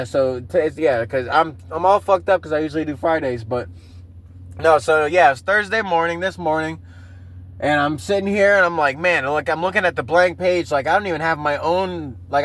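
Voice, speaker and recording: High-voiced profane man in his thirties. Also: a little fast, a bit bright, poor audio. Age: 30s. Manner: profane, rambling, laughs at himself. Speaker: podcast host. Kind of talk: casual solo podcast rant.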